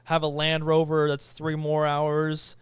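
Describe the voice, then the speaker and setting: A young man on a podcast, casually telling a travel story and acting out the quoted voices with animated energy. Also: fairly high pitch, a little slow, clean tone, no room sound. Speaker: podcast co-host.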